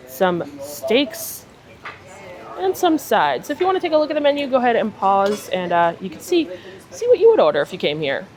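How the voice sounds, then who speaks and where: Chatty woman vlogging food. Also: mid-range voice. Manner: upbeat, chatty, reviewing food. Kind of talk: casual food vlog narration. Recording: crowd chatter behind. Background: crowd chatter on a cruise ship.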